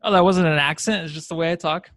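A man's voice: a little high, fairly even intonation, fast, fairly bright tone, dry recording, studio quality. A man co-hosting a casual sports podcast, easygoing and laughing often. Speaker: podcast co-host.

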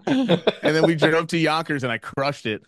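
A man co-hosting a podcast who tells stories in an excitable, rambling way with plenty of swearing. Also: fairly high pitch, no room sound, studio quality. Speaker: podcast co-host. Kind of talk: casual chat.

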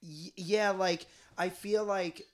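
A man's voice: high voice, fairly even intonation, slow. A man co-hosting a podcast, asking questions in a curious, chatty way. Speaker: podcast co-host. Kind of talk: casual podcast chat.

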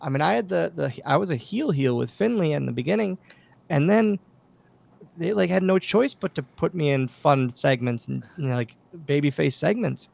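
A man, a former pro wrestler, telling backstage stories as a guest in a casual interview, lively and full of acted-out quotes. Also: on the high side, normal speed, vocal fry. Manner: animated anecdotes, acts out quoted dialogue, many restarts. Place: podcast studio.

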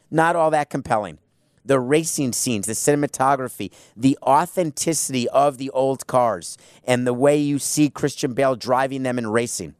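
A man's voice: medium pitch, no room sound, studio quality. A man hosting a talk radio show, speaking bluntly and sarcastically in an opinionated monologue. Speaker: sports radio host.

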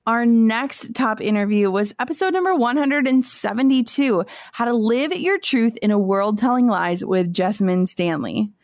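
A woman's voice: on the high side, lively intonation, moderate pace, a little mellow, dry recording. Woman podcast host reading intros, earnest, dry close sound. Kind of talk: scripted narration introducing clips.

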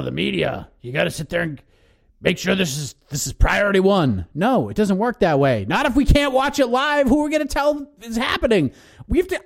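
A man co-hosting a casual podcast, talking in animated bursts and ranting with excitement. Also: extremely high pitch. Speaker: co-host.

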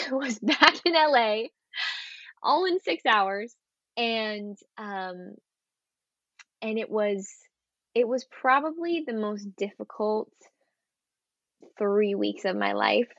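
A young woman, an actress, chatting in an interview and telling an earnest, animated story. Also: mid-range voice, slow pace, no room sound, lo-fi sound. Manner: earnest, animated storytelling with acted quotes and laughs. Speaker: actress guest. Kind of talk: casual interview chat.

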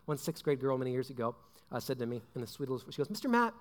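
Fast-talking young man preaching in a hall. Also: medium pitch, fairly even intonation, warm tone. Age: young adult. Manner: chatty, filler-heavy with frequent "like" and "right?". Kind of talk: casual sermon. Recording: long hall reverb.

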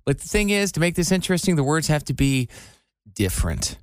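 A man's voice: on the high side, very animated, a little fast, dry recording. A man co-hosting a radio show, joking and teasing his co-host in casual banter. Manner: playful, teasing.

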